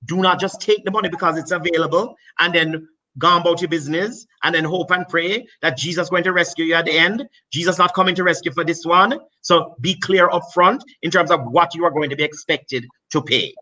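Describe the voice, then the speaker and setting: A man's voice: a little high, brisk, sharp tone, low-quality recording. A man with a Jamaican accent giving emphatic, repetitive advice on business loans as a finance guest. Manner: emphatic, repeats key points.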